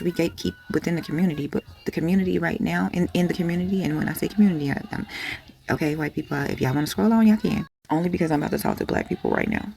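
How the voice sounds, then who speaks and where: A woman giving a candid, emotional motivational talk to her viewers, frank and plain-spoken with hushed asides and casual swearing. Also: low voice, vocal fry. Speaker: spiritual vlogger.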